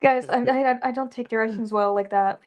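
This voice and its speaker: A woman actress, a guest on a remote streamed interview, telling lively stories and acting out what people said. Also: a little high, fairly quick. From Dallas area. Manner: animated storytelling, acting out quoted voices. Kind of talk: casual interview chat. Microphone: remote stream call.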